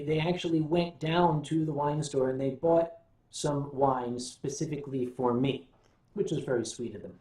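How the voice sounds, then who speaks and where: An older American man hosting a casual livestream, telling stories and answering viewer comments in a wry, unhurried way. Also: a little high, darkish tone. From United States. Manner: wry, unhurried storytelling with sips and hums. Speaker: livestream host. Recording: roomy sound, voice a bit off-mic.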